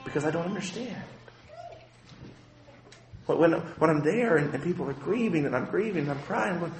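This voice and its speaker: A man preaching a sermon as a pastor, impassioned and shifting between quiet and loud passages. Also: sits high, animated, normal speed, pauses often, roomy sound, a little hiss or hum.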